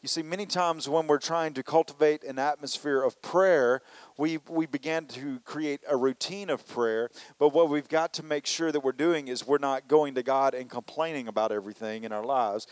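A man's voice: on the high side, fairly quick, no room sound. A man preaching a conversational sermon, often saying "you know" and acting out people's complaints in prayer. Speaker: pastor.

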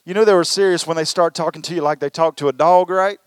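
A man preaching a sermon as pastor, animated and calling on the congregation to respond. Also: on the high side, quick pace, smooth, no echo, clean studio sound. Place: church service.

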